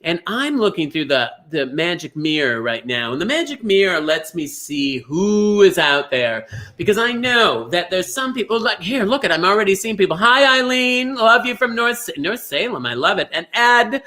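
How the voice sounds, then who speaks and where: A man's voice: high-pitched, sing-song, moderate pace, bright, forceful tone. A man from Minnesota hosting a livestream bingo show, chatty and gushing as he greets viewers by name.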